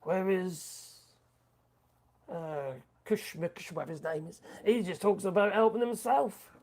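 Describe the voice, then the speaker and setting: A man's voice: sits high, measured pace, a little mellow. Chatty Norfolk man on a live stream. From England. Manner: chatty, crude and mocking, muttering asides. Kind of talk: casual live-stream chat reading viewer comments.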